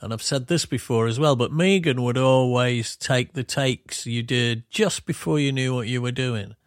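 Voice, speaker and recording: A middle-aged man with a Yorkshire accent, co-hosting a podcast and reminiscing casually, rambling and explaining things gently. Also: mid-range voice, moderate pace, smooth, no room sound, studio quality. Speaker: podcast co-host, musician.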